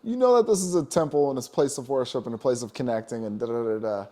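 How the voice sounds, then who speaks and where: A man's voice: mid-range voice, quick pace, warm tone. A man co-hosting a casual spiritual talk show, talking emphatically and preaching, with many "you know?" asides. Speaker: podcast co-host.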